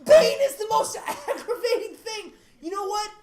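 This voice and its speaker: A woman co-hosting a casual podcast, ranting with animated energy into her mic. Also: extremely high pitch, normal speed. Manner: animated, ranting, laughing between lines. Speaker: podcast co-host. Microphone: studio mic. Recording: echoey room.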